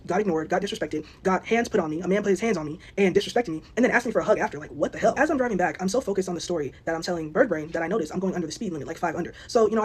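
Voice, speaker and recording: A young woman telling a storytime vlog, animated and indignant. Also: lowish voice. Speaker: vlogger. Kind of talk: storytime monologue.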